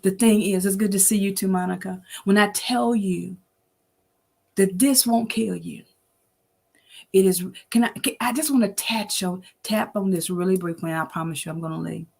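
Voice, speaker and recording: Gravelly woman, sixties, preachy faith talk online, chatty and laughing with her viewers. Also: mid-range voice, moderate pace, a little mellow. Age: 60s. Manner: preachy and familiar, greets viewers by name, laughs often. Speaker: host of an online inspirational show.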